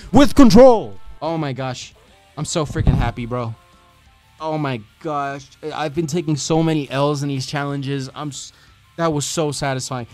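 A young man giving excitable commentary over his own gameplay, talking to the enemy and exclaiming as he plays. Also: mid-range voice. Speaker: gaming YouTuber.

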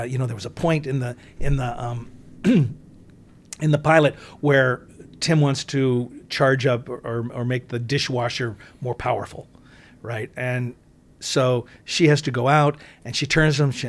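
A man's voice: mid-range voice, steady tone, unhurried. A man, an actor guest in an interview, telling a story in a casual, rambling way with many restarts and asides.

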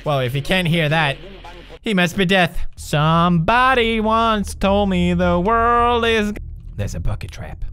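A man's voice: high-pitched, sing-song, measured pace, sharp tone, faint music behind. A man in his twenties commentating a horror game, talking to himself, yelping and cursing when scared. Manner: jumpy, screams and swears, talks to himself. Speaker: gaming video host.

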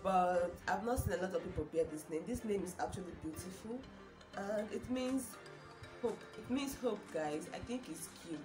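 A young woman with a Nigerian accent talks to camera in an excited, gushing way, repeating herself and exclaiming often. Her voice sits at an ordinary middle pitch. The room is roomy and echoey, with music playing clearly behind her. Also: moderate pace. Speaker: vlogger. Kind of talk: casual chat to camera.

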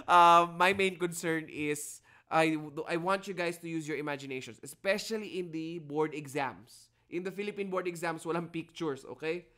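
A man with a Filipino accent gives a lively lecture over a video call. He talks in a fairly high voice, mixes Tagalog and English, and teases his students as he goes. He sounds a little under the weather but still full of energy. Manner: Taglish code-switching, teasing and animated. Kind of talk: live online lecture.

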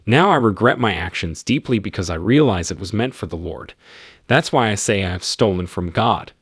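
A damned former church leader pleads with deep remorse, as a man reads him aloud. His low, husky voice moves a lot in pitch. It sounds dry and close. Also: lively intonation, normal speed, no echo. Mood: remorseful.

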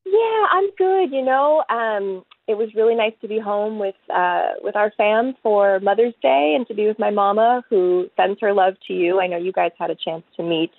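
A woman from Chicago, a singer-songwriter guest, chatting casually in a husky morning voice and telling stories with lots of fillers. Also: mid-range voice, normal speed, hardly any pauses, dry recording. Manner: chatty, warm storytelling with frequent fillers. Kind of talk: casual interview chat. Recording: tinny phone line.

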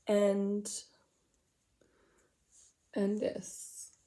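Slow-talking Australian woman, whispered asides. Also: mid-range voice, monotone. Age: 40s. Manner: rambling, self-mocking, drifts into soft whispered asides. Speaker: makeup vlogger. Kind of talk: comedic get-ready-with-me chat.

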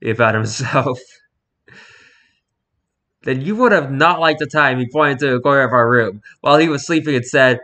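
A man casually reading social media posts aloud, dropping into quiet muttered asides between them. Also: mid-range voice, normal speed, long pauses.

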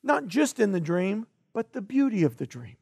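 A middle-aged man preaching a sermon as pastor, telling stories animatedly and swinging from loud bursts to hushed asides. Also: sits high, big pitch swings, moderate pace, creaky, slightly rough, no echo, clean studio sound. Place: church.

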